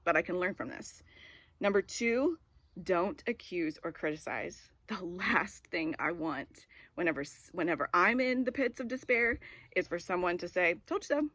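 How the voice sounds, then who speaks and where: A woman's voice: on the low side, lively intonation, moderate pace, fairly bright tone, no echo. A woman in her forties giving a casual devotional talk. She tells a personal story in a rambling way with many filler words. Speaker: devotional speaker.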